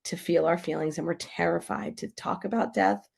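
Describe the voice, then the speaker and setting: A woman guest on a podcast, speaking as a grief expert in an emphatic, animated way. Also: fairly low pitch, moderate pace, gravelly, husky. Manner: animated, emphatic, acts out quoted voices. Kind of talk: podcast interview.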